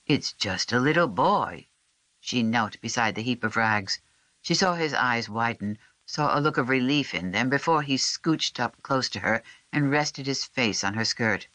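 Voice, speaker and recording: An audiobook narrator reading a historical novel in a measured, even storytelling voice. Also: medium pitch, no echo. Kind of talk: scripted narration.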